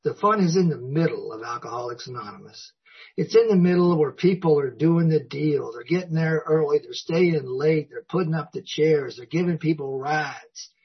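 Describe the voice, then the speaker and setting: Older male speaker, folksy storyteller, breathy voice, a bit high. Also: normal speed. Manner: folksy storytelling, acts out dialogue. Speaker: recovery meeting speaker. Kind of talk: personal recovery talk. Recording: dull lo-fi recording.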